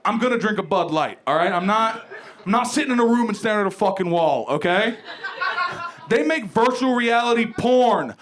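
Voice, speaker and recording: Young male comic, high-pitched and brash, live club recording with the crowd audible. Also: a little hiss or hum. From Ohio. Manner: brash, profane, animated storytelling. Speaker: stand-up comedian. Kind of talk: stand-up comedy set. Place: comedy club stage with live audience.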